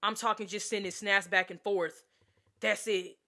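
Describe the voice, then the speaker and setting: A woman's voice: medium pitch, fairly even intonation, moderate pace, sharp tone. A young woman telling a casual storytime vlog, chatty and exasperated, with lots of filler words. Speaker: vlogger.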